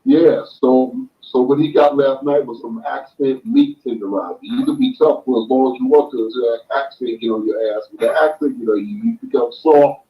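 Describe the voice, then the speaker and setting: Man with muffled audio, emphatic explainer. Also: medium pitch. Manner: slow emphatic explaining, makes points with sayings. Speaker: boxing guest. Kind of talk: casual chat.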